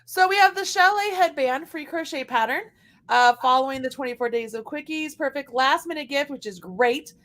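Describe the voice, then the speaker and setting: A woman's voice: high voice, moderate pace, a bit bright. A woman hosting a casual live craft stream, chatting as she clicks through a website. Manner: chatty, talks to her dog while scrolling.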